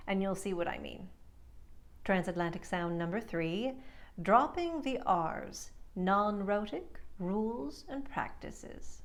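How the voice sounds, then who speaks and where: A woman speech coach talks through an accent lesson at an unhurried pace. Her voice carries a gravelly edge. She stretches out each example word so it can be heard clearly. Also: mid-range voice. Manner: slow, deliberate, drawn-out demonstration words. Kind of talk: accent lesson, demonstrating vowel and consonant sounds.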